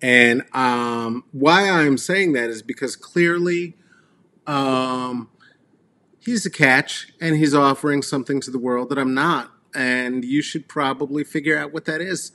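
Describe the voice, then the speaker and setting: A middle-aged comedy show host in Colorado delivers a rambling solo monologue in an unhurried, mid-range voice with a sharp tone. His humor is crude and sarcastic, packed with fillers and trailing asides.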